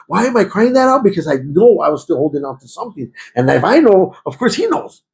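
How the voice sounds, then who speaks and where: A man telling his conversion testimony in a conversation, repeating himself and stammering, and turning loud and fervent as he relives praying, with Spanish words slipping in. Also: fairly high pitch, lively intonation, fast, gravelly, few pauses. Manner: grows loud and fervent when reliving prayer. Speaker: guest giving a testimony.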